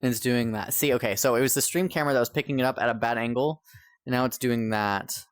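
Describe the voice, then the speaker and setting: Young man streamer, rambling and exasperated, foul-mouthed, mid pitch, dry close mic. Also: steady tone, quick pace, clean tone, dry recording. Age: young adult. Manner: exasperated, rambling, swears a lot, talks to chat. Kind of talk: live-stream chat while gaming.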